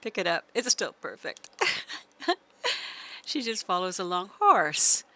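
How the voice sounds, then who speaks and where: A woman's voice: on the low side, sing-song, takes it slowly, sharp tone. A woman streamer giving chatty live gameplay commentary, laughing often and coaxing her horse along.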